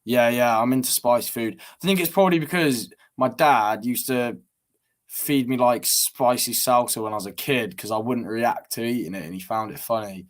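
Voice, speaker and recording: A man's voice: medium pitch, normal speed. Young man, English accent, rambling casual answers, interview guest. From England. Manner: chatty, rambling with restarts. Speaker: motorcycle racer guest.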